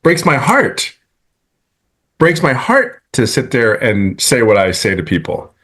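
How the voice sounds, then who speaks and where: A man's voice: mid-range voice, wildly swooping pitch, measured pace, fairly bright tone. A middle-aged man from California giving an earnest, rambling testimonial on a video call, full of restarts. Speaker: webinar guest speaker.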